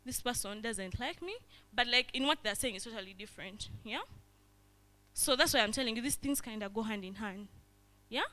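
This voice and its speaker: Leading a hands-on workshop, a young female facilitator talks briskly in a slightly high voice that sounds pushed and bright. She keeps checking in with the room and acts out small scenes as she goes.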